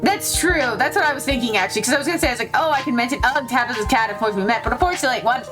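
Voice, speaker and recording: A woman's voice: on the high side, racing, over music. A woman streaming a visual novel, giggling and joking as she reads choices aloud in a casual, playful way. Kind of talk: casual let's-play commentary.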